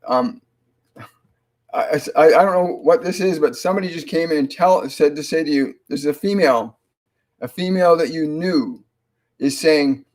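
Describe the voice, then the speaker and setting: A man hosting a live psychic reading, calmly relaying spirit messages in a halting way full of restarts and fillers. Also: on the high side. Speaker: psychic medium host.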